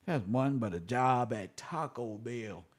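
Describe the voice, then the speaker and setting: A man speaking who delivers a preachy, swearing monologue to his viewers, swinging between loud and soft. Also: medium pitch, animated, slow. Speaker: online commentator.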